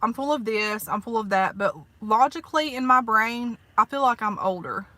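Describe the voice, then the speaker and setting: A woman's voice: a little high, normal speed, sharp tone, dry recording. Chatty Southern woman in her thirties. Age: 30s. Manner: chatty and folksy, peppered with "honey" and "like". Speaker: vlogger. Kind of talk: casual eat-with-me vlog chat. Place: parked car.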